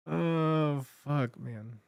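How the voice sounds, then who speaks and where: A man's voice: fairly high pitch, vocal fry, clear, resonant tone, dry recording, clean studio sound. A man hosting a live stream, chatting casually and muttering to himself as he fiddles with his setup, laughing often.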